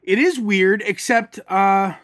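A man's voice: high-pitched, takes it slowly, a bit bright, no room sound, clean studio sound. A man co-hosting a casual chat, emphatic and opinionated, telling stories with animation. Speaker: podcast co-host.

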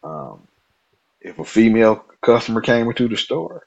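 A man telling a personal story as a podcast guest, animated and lively, acting out the dialogue. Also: on the low side, moderate pace, gravelly, highs cut off. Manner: animated, lively, exclaiming, quoting others in dialogue.

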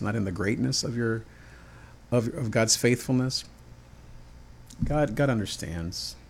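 A man's voice: lowish voice, a little hiss or hum. A man preaching a heartfelt devotional sermon on his podcast in an earnest manner.

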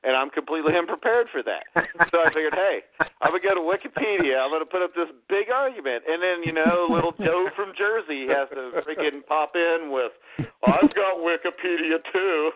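Animated man, tinny dry phone line. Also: fairly high pitch, fairly quick. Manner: mock self-pitying, rambling, teasing. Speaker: podcast co-host. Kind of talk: casual sports talk banter.

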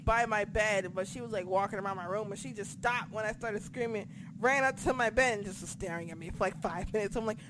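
A young woman on a podcast, telling stories in a casual, profane, animated way. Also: on the high side, a little fast, slight background noise. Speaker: podcast co-host. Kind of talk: casual chat.

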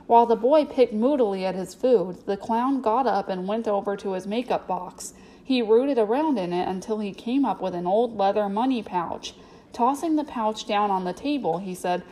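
A woman narrating a storybook in a steady, clear way. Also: mid-range voice, normal speed, low-quality recording. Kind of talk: storybook reading.

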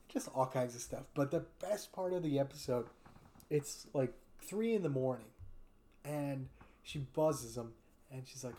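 A man's voice: mid-range voice, normal speed, mellow. Chatty man retelling cartoon scenes. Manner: retells cartoon scenes, voicing every character; fond of doing impressions. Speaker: podcast host. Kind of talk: casual chat.

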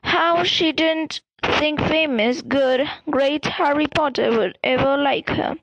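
A woman voicing a calm, manipulative young male wizard in a storybook reading, speaking softly and slowly with quiet menace. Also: high-pitched, noisy background. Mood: calm menacing. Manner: soft, calm, slow and pleasant with menace.

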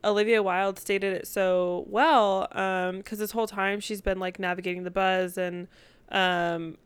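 A young woman co-hosting a podcast, chatting earnestly and walking through points in a measured way. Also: mid-range voice, level tone, clear, resonant tone, dry recording. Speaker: podcast co-host. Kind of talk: casual chat.

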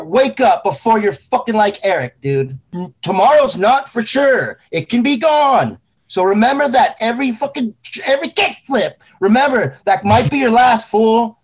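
A man's voice: high voice, lively intonation, normal speed, husky. A man talking casually about grief, intense and rambling, swearing often. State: grieving. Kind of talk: emotional casual talk.

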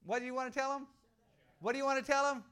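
A middle-aged man preaching a sermon in an animated, joking way, moving from quiet asides to loud outbursts. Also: very high-pitched, quick pace, clean tone.

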